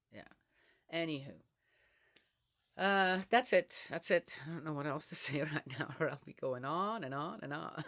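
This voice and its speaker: An older woman talking frankly and chattily to her viewers, with soft laughs along the way. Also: sits low. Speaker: vlogger. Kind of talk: casual talk to camera.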